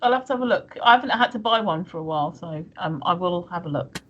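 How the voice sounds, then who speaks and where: A woman's voice: on the low side, expressive, quick pace, a bit bright, dull audio. A woman co-hosting a live stream in casual, teasing chat, swearing freely. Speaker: stream co-host.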